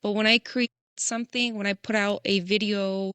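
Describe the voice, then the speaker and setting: A young woman in a relaxed podcast chat, thinking out loud in a chatty, reflective way and dropping "like" often. Her voice is mid-pitched. The recording is dry and close. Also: moderate pace, smooth, no room sound. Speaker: podcast co-host. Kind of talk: casual chat.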